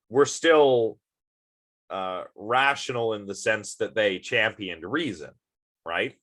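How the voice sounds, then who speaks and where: A man with a fairly low voice gives a casual philosophy lecture to his students. He sounds sleepy and rambles, leaning on lots of fillers and little asides. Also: a bit bright. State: sleepy, yawning.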